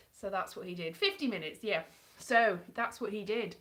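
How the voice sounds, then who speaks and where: A woman's voice: mid-range voice, lively intonation, a little fast. A woman chatting casually and rambling on a home live stream, breaking into playful voices to mimic characters. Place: indoors at home.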